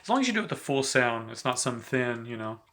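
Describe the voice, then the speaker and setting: A man giving a relaxed, chatty saxophone lesson, talking between played examples and filling his talk with "you know". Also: medium pitch, quick pace, over music. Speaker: saxophone teacher. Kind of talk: casual instructional talk between playing examples.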